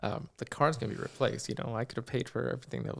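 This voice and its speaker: A young podcast co-host tells a story in casual chat, animated and swearing freely as he acts out the people involved. His mid-range voice is creaky, and he talks very fast.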